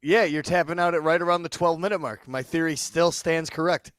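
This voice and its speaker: A man joining from afar through a headset, easygoing and a little teasing. His voice sits somewhat higher than most men's. He talks casually back and forth with the host. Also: steady tone, a little fast, fairly bright tone, clear, resonant tone. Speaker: co-host calling in remotely.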